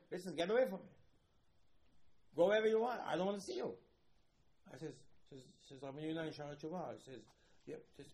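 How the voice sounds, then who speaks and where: A man teaching a Torah lecture as a rabbi, switching between hushed asides and loud emphatic bursts and acting out little dialogues. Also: mid-range voice, a little hiss or hum. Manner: repetitive, acts out dialogues.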